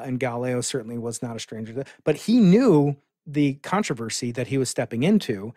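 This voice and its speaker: A man's voice: mid-range voice, a little mellow, no room sound, clean studio sound. A middle-aged man from the United States, a physicist guest telling stories with enthusiasm in a casual podcast conversation. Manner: enthusiastic, storytelling explainer.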